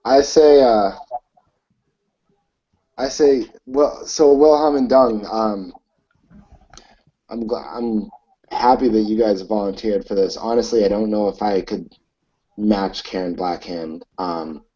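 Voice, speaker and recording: Man, in-character tabletop player, slow and halting, mellow tone, lo-fi recording. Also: on the low side, fairly even intonation. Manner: hesitant, halting with many fillers. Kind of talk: in-character tabletop role-play. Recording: dull lo-fi recording.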